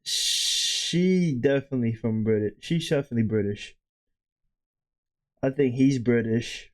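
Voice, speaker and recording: A man's voice: mid-range voice, unhurried. A man on a reaction panel, thinking aloud and hedging his guesses in casual chat.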